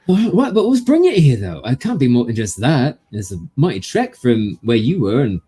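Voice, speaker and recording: A man's voice: medium pitch, big pitch swings, normal speed, warm tone, breathy edge. A man voicing a big, bristly, friendly male adventurer with a folksy, hearty way of talking.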